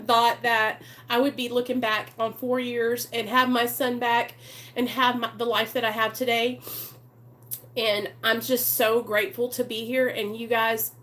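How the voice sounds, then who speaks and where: A woman's voice: fairly high pitch, fairly bright tone. A woman hosting a live recovery stream, talking earnestly and chattily to her viewers and greeting them by name. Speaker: recovery channel host. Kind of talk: casual live-stream talk.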